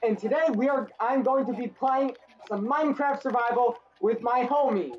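Woman host, high lively voice, giggly teasing gamer banter, slightly lo-fi audio. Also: normal speed, few pauses, slight background noise. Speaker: gaming channel host. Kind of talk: casual gameplay chat with friends.

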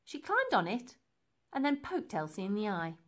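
A woman reading a children's book aloud, expressive and unhurried. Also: mid-range voice. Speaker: reader. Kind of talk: storybook read-aloud.

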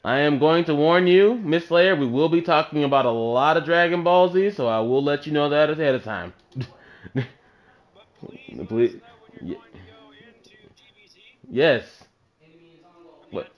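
A man's voice: on the high side, slow pace, pauses often. A man hosting a casual gaming session with a friend, crude and teasing, swearing often. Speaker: gaming channel host. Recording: dull lo-fi capture with faint noise.

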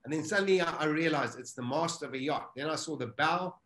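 A man's voice: on the high side, a little fast, roomy sound. A middle-aged South African man vividly retelling a survival story as an interview guest. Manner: vivid, animated retelling with acted-out self-talk.

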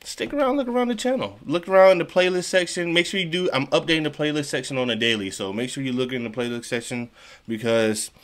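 Slightly out of breath, a man hosting a reaction video speaks quickly in a somewhat high voice. He's animated as he watches, exclaiming, chatting casually, and laughing along.

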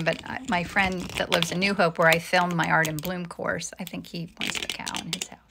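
A woman's voice: lowish voice, little pitch movement, moderate pace, vocal fry, few pauses, background noise. A middle-aged woman chatting casually with viewers while she paints, reading their comments aloud and murmuring to herself as she works. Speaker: painter live-streaming a demo. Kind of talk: casual live-stream chat while painting.

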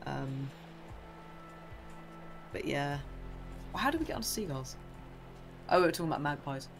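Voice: mid-range voice, lively intonation, vocal fry, over music. A British co-host in casual livestream chat, rambling and opinionated and acting out little asides. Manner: rambling, opinionated, acts out birds in quick asides.

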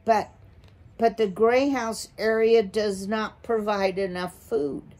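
A woman's voice: medium pitch, fairly even intonation, slow pace, a little mellow, pitched above the performer's own voice, close to an everyday voice. A woman reading a storybook aloud, voicing a timid father deer mouse who stammers and hesitates. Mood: nervous.

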